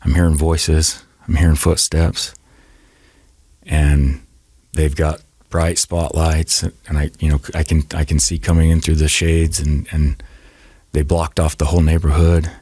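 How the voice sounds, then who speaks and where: Very deep-voiced halting man. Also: level tone, warm tone, slightly rough, dry recording, studio quality. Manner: halting, repeats and restarts words. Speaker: podcast guest. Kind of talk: emotional personal storytelling.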